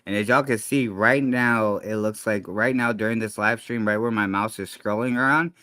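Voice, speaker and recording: Bright-voiced man in slangy reaction commentary. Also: lowish voice, fairly even intonation, moderate pace. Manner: slangy, profane, loose rambling. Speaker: streamer reacting to a clip. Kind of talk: casual commentary.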